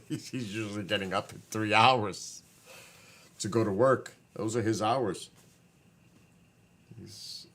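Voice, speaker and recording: A man's voice: on the low side, steady tone, slow, pauses often, a bit bright. A tired man, rambling casually to his livestream viewers from his living room. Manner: rambling, self-correcting, talks to chat. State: tired, voice wearing out. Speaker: livestream host chatting with viewers.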